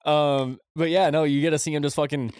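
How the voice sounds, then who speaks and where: A man's voice: fairly high pitch, steady tone, brisk, darkish tone, clear, resonant tone, no echo. Easygoing man co-hosting, dry sound. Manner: easygoing, laughs often, swears freely. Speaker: podcast co-host. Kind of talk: casual chat.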